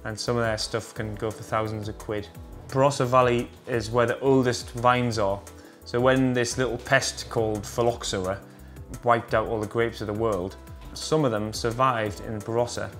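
A Geordie man hosts a relaxed wine video, chatty and full of slang, at a middling pitch. Faint music plays softly behind his voice. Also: moderate pace. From North East England. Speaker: wine vlogger. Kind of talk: casual wine explainer.

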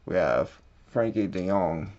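A man with a lowish voice talks slowly through a card pack opening, murmuring each name as he flips, then shouting when a big card turns up. The sound is dull and low-fi. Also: lively intonation, background noise. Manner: reads card names off quietly, bursts out at big hits. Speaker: card-breaking channel host. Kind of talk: casual pack-opening commentary.

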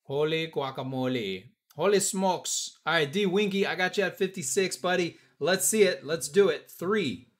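A man's voice: on the high side, moderate pace, few pauses. A man hosting a live-stream auction, joking with bidders and counting down bids. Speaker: auction host.

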